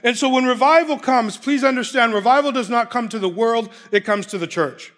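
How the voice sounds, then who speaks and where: A man's voice: very high voice, brisk, few pauses, a bit bright. A man preaching a sermon, emphatic, repeating key phrases and laughing between points.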